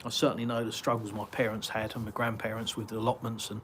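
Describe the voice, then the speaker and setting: A man's voice: on the low side, flat delivery, quick pace, fairly bright tone, a little hiss or hum. An English man from Britain hosting a casual live Q&A from his garden, rambling and chatty with many ums and uhs as he reads viewer comments aloud. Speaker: live-stream host answering viewer chat.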